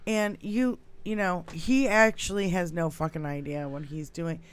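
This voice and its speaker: A woman's voice: lowish voice, steady tone, unhurried, clear, resonant tone. A woman co-hosting a political podcast in casual chat, ranting angrily and swearing often. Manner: angry, profane ranting. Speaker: podcast co-host.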